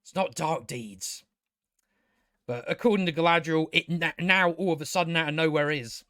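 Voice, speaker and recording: A man with a notably high voice tears into a TV episode, sarcastic and exasperated, swearing as he goes. The sound is close and dry, with no room around it. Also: moderate pace, fairly bright tone, no echo. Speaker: TV show reviewer. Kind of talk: casual ranting review.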